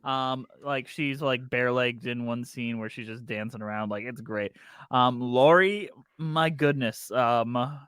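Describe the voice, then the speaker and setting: A woman co-hosting a podcast in casual chat, animated and swearing freely. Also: rumbling low, a little slow, clean tone, no room sound. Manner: animated, swearing, laughing often. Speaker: podcast co-host.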